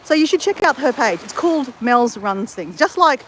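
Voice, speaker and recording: Very animated and high-voiced, an Australian woman talks to viewers live from the beach at a normal speed, her tone fairly bright. She rambles and corrects herself, and there's slight background noise.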